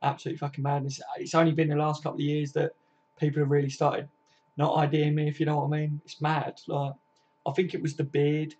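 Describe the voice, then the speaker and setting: A young man in his 20s from Kent hosts a casual football live stream, reading viewer comments and answering people by name with free, friendly swearing. His voice is on the high side, monotone, a little fast, and darkish in tone. The stream sound is dull and lo-fi.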